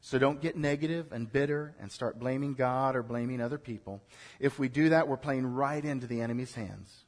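A man preaching a sermon to a congregation, building from quiet urging to loud exhortation and leading it in call-and-response. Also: medium pitch. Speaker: pastor. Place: church in front of a congregation.

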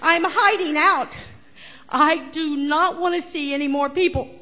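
A woman's voice: sits high, steady tone, a little slow, bright, forceful tone, pitched above the performer's own voice. A woman voicing a frightened, fussy hen who complains frantically in a children's story. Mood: frantic.

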